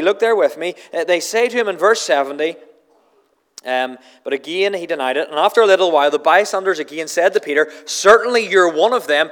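Heard through long hall reverb, a preacher with a Northern Irish accent and a high, slightly bright voice delivers his sermon. He frequently trips over repeated words at the start of sentences, and he dramatizes the quoted passages.

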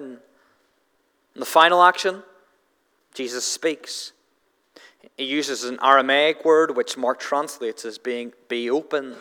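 A man preaches a sermon in a bright, forceful voice, earnest and explanatory, often tripping over and repeating his words. His voice rings with a long reverb, as if in a large hall. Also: on the high side, clean tone. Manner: earnest, halting with frequent restarts and stammered repeats.

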